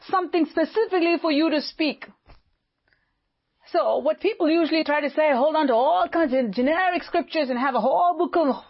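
A woman pastor delivering an impassioned sermon, swinging between loud fervent lines and hushed low ones. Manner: impassioned preaching with sudden loud and quiet swings. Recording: dull lo-fi audio.

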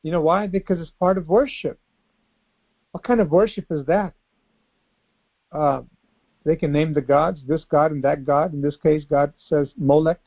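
A male preacher delivers a devotional sermon in a somewhat high voice. He piles up rhetorical questions and repeats words for emphasis. The recording sounds dull and lo-fi. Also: fairly even intonation, moderate pace, long pauses.

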